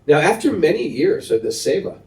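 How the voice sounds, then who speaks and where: A man giving a spiritual storytelling talk in an animated, humorous manner, laughing often, in a roomy recording made from a distance. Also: fairly high pitch, brisk. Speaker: spiritual teacher.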